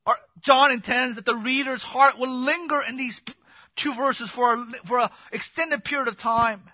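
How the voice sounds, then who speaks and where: A man preaching an expository sermon as pastor, swinging from loud emphatic bursts to quiet intimate asides. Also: extremely high pitch, normal speed, no echo, lo-fi sound.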